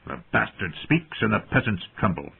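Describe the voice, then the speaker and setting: A man voicing a cold, sharp older master-at-arms who mocks his recruits, heard through tinny phone-like audio. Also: lowish voice, very animated, moderate pace, gravelly, breathy edge, heavily acted. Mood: scornful. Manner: cold, cutting and mocking.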